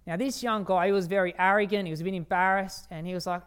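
Speaking at medium pitch in a steady tone, a preacher gives an evening sermon in a smooth, resonant voice. His delivery is emphatic, with key phrases lingered over and rhetorical questions aimed at the congregation.

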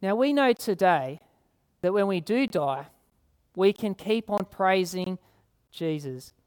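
A woman preaching a sermon, earnest, repeating key phrases and slowing down to read scripture. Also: mid-range voice, lively intonation, a little mellow. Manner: slows down to read scripture aloud.

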